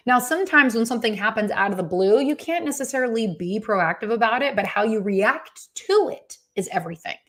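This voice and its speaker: A woman giving a casual motivational talk, telling a personal story with lively quoted asides. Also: a little high. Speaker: motivational speaker.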